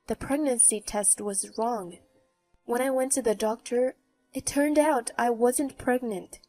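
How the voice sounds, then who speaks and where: Woman narrator for a first-person story; mellow, mocking edge. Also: a little high, measured pace, no echo. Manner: mocking, even-toned. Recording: faint background music.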